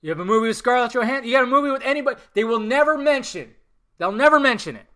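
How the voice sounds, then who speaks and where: Heated, high, bright-voiced male podcast host. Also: lively intonation, very fast. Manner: heated, swearing, emphatic rants. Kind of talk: solo podcast rant.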